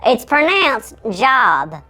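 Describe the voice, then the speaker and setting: A frantic little shrunken host squeaks in a chipmunk voice. The voice sits extremely high and leaps all over the place. Its tone is bright and piercing. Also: female voice, sing-song, normal speed, heavily acted. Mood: curious. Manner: frantic and exclamatory.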